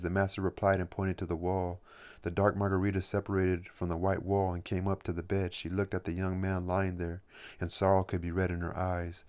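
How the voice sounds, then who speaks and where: A man reading a novel aloud in a plain, unhurried way, then musing about the chapter. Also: sits low, little pitch movement, darkish tone. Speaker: audiobook reader.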